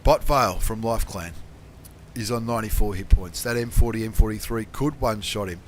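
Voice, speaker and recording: Excitable man commentating game replays. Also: fairly low pitch, a little fast, slight background noise. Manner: excitable, bursts into shouting and swearing; slangy, chatty. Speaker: game channel host.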